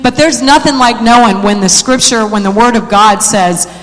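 A woman giving a sermon to a congregation, talking casually, asking the room questions and building into loud, repeated exhortations. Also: fairly high pitch, moderate pace. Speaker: church speaker. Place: church sanctuary with congregation. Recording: long reverb of a large hall.

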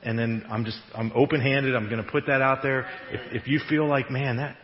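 A male pastor giving a conversational, animated sermon in a church and laughing now and then at his own jokes. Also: medium pitch, fairly quick. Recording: echoey hall, dull radio-like sound.

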